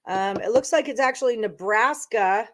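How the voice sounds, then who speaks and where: Woman, somewhat high voice, sports betting host, casual live stream, thinks aloud, talks to viewers. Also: moderate pace, a bit bright.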